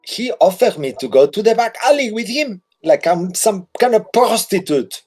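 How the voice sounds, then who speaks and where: A man's voice: high-pitched, expressive, normal speed, a little mellow, slightly rough, soft background music, pitched above the performer's own voice. Indignant noble lady, as a man puts her on. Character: offended noble wife.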